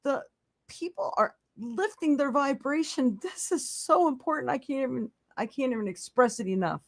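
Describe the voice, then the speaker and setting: A woman's voice: high-pitched, lively intonation, moderate pace, dry recording. A woman hosting a live psychic tarot stream, talking casually, laughing often and giving blunt encouragement. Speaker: psychic tarot reader, podcast host.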